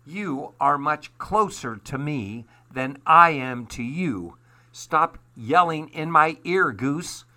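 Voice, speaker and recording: A man reading a storybook aloud, voicing a bossy, excitable male duck who fusses and scolds. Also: a little high, slow, voice pushed up, heavily acted. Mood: fussy bossy. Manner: fussy, scolding, boastful.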